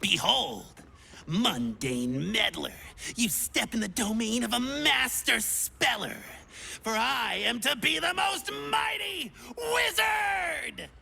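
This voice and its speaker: A woman's voice: on the high side, lively intonation, slow, creaky, pushed and bright, breathy edge, heavily acted. A woman voicing a bubbly, silly young adventurer in a video game who keeps trying out new classes and talks in a playful, theatrical, teasing way.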